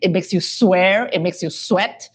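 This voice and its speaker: A woman's voice: lowish voice, a little slow, husky. A woman hosting a conversational interview, speaking encouragingly and laughing often. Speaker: host.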